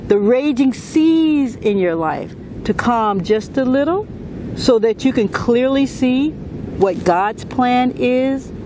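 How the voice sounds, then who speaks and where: A woman hosting her own vlog, giving a gentle, earnest inspirational Christian talk. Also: mid-range voice, background noise. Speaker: vlog host.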